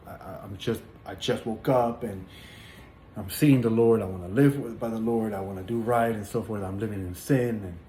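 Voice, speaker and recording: A man's voice: fairly low pitch, dark tone. Earnest man telling his testimony, roomy sound. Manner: earnest, halting, with many fillers and repeated words. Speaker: person sharing a religious testimony. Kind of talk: personal testimony, casual spoken storytelling. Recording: echoey room with faint background noise.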